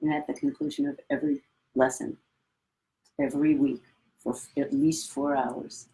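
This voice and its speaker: A woman's voice: rumbling low, steady tone, moderate pace, creaky, pauses often, mellow, poor audio. A middle-aged woman, a conductor, telling a reflective anecdote in a casual interview. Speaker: guest, orchestra conductor.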